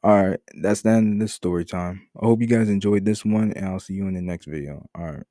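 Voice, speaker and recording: Give me a young man with a dry, mellow voice telling a rambling story-time tale. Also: sits low, quick pace, no room sound. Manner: casual, profane, rambling with restarts. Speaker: vlogger.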